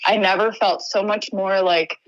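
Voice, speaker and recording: A young adult woman from Wisconsin, appearing as a podcast guest, tells a personal story earnestly and haltingly, with many restarts. Her mid-range voice has fairly even intonation, and the audio is dull with no room sound.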